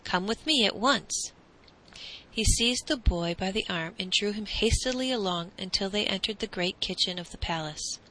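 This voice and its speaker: A woman narrating a classic storybook in a calm, measured reading. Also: medium pitch, low-quality recording.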